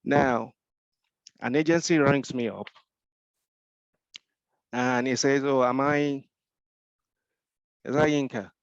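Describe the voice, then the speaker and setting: A man's voice: mid-range voice, fairly even intonation, takes it slowly, pauses often, no room sound, muffled recording. A man with a Nigerian accent, mentoring in a Q&A discussion, explaining with rhetorical questions and frequent repeated restarts.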